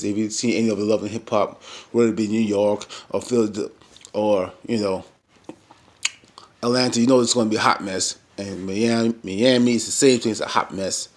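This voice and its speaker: A young man giving a casual, chatty recap of a reality show episode, full of fillers and acted-out quotes. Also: on the low side.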